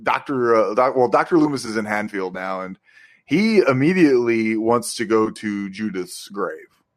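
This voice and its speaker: A man's voice: on the low side, expressive, moderate pace. A young man co-hosting a podcast, casually retelling movie scenes with plenty of swearing and laughter. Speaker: podcast co-host. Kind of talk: casual movie review chat.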